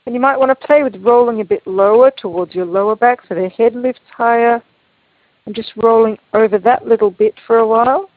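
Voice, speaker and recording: A woman teaching a Feldenkrais movement lesson over a video call, giving calm, gentle, unhurried instructions. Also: fairly high pitch, dry recording. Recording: tinny, phone-like call audio, dry.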